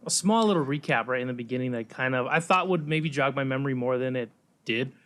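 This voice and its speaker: A man in his thirties co-hosting a casual podcast chat, animated and acting out quoted lines. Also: medium pitch, quick pace. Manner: animated, acts out quoted voices. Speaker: podcast co-host.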